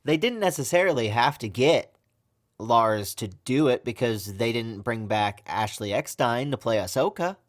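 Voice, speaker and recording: A man's voice: mid-range voice, lively intonation, moderate pace. A man giving a casual video review of a TV episode, in a sarcastic and complaining way. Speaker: TV show reviewer.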